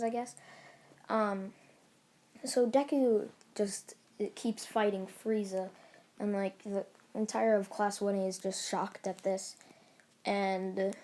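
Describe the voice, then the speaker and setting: A woman's voice: mid-range voice, dark tone. A woman casually retelling a fan story, rambling along with lots of fillers and restarts.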